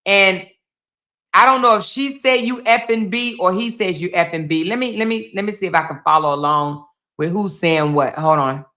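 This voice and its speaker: A woman's voice: on the low side, normal speed, sharp tone. A woman hosting a livestream, chatting with her viewers while she comments on a video. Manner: chatty, talks straight to viewers. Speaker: livestream host.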